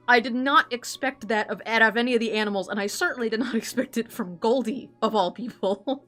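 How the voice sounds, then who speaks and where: A woman's voice: on the high side, fast talker, bright, forceful tone, faint music behind. A woman chatting casually while she draws, rambling and giggling, with lots of filler words. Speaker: artist chatting while drawing. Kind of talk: casual chat.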